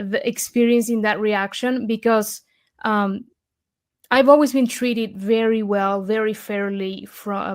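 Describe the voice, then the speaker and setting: Woman guest, Argentine accent, eager storyteller, middle pitch, lots of ums and restarts. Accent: Argentine Spanish. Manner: eager, many restarts and fillers. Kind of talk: interview storytelling.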